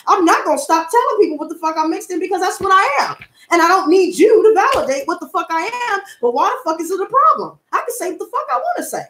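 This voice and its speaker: A woman's voice: very high-pitched, fairly bright tone, roomy sound. A woman in her twenties, a tarot reader and streamer, chatting casually on a livestream with blunt, profane, heated talk. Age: 20s.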